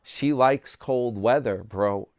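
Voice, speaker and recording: Slow, smooth-voiced rambling vlogger man. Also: mid-range voice, darkish tone, no room sound, clean studio sound. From New York. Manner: rambling, self-mocking, talking to subscribers. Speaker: vlogger host. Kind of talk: casual chat.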